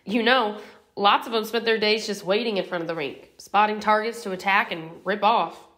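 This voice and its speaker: A woman's voice: mid-range voice, normal speed, a bit bright, close to an everyday voice. A woman voicing a laid-back young man from the streets who talks in casual slang. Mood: amused.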